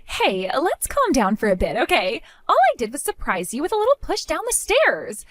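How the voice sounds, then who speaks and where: A woman's voice: sits high, huge pitch swings, normal speed, fairly bright tone, dry recording, studio quality, exaggerated voice. A woman voicing a spiteful young woman, the groom's sister, who talks in a mocking, dismissive way.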